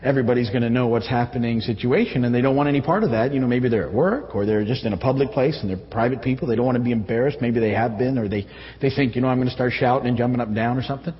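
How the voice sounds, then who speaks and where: A man preaching a conversational sermon to his church, halting often with fillers and restarts. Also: medium pitch. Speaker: pastor. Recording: echoey hall, dull audio.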